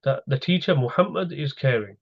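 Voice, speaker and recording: Male teacher, mid-pitched, patient slide-by-slide explainer; slightly dull recording. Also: expressive, brisk, vocal fry, slightly rough. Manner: patient, explains step by step with questions to students. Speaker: Arabic grammar teacher. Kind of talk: online lecture over slides.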